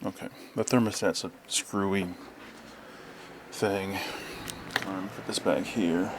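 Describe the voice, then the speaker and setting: A man's voice: deep voice, fairly even intonation, slow, noisy background. A man hosting a casual podcast chat at home, rambling and telling stories. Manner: rambling, mimics voices when retelling. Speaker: podcast host.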